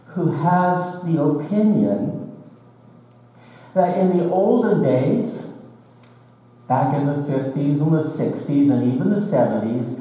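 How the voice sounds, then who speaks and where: A visiting minister preaching a sermon in a measured, deliberate way, with touches of dry humor, in a large church. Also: male voice, medium pitch, mellow. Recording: echoey church hall from far off.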